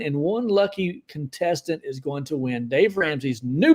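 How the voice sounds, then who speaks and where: Upbeat male co-host with a slightly raised pitch, chatting casually and reading viewer questions on a live show. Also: expressive, normal speed, hardly any pauses. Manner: upbeat, reads viewer comments aloud. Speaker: podcast co-host. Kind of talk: casual live-stream chat.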